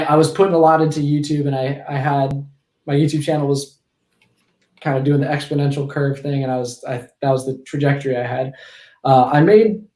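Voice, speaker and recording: A man's voice: medium pitch, a little mellow, reverberant. A man in his twenties, a podcast guest, telling stories casually, with frequent restarts and self-corrections. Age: 20s. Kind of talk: casual storytelling in a conversation.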